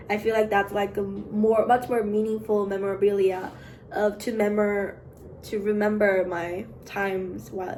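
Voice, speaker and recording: A young woman, an art student, chatting casually on her vlog in a rambling way, full of fillers and with the odd soft aside. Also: medium pitch, slight background noise. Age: young adult. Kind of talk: casual chat.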